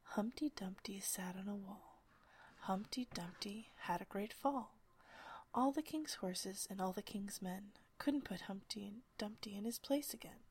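A woman voicing a gentle girl. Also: mid-range voice, expressive, measured pace, a little hiss or hum. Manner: soft and polite, partly whispered. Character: polite, gentle curious young girl. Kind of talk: storybook reading.

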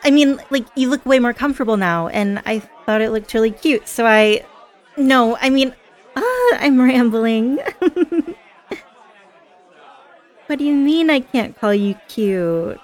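A woman's voice: sits high, very animated, very slow, pauses often, warm tone, some chatter behind, exaggerated voice. A woman playing a chatty, giggly party girl. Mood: teasing. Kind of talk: scripted audio role-play.

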